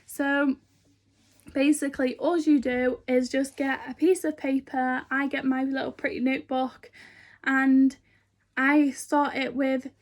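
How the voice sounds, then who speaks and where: Woman vlogger, high voice, rambling and earnest, casual to-camera chat. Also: flat delivery, a little slow. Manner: chatty and rambling, many fillers.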